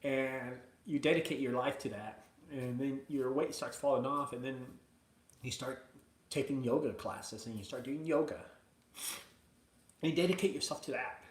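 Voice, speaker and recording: A man hosting a live video from his mother's house, chatting casually and excitedly to viewers, rambling between hype and emotion. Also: mid-range voice, normal speed, echoey room. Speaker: junk removal business owner hosting a live video.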